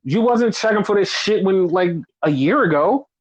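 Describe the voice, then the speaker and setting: A man's voice: high voice, expressive, normal speed. A man hosting a casual podcast, ranting angrily with constant swearing and mocking sarcasm. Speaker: podcast host. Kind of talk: casual chat. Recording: dull lo-fi audio.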